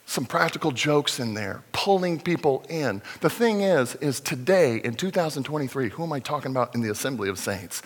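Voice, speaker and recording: A middle-aged man preaching a sermon as pastor, in a conversational, animated storytelling manner. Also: fairly high pitch, a little fast. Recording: long reverb of a large hall.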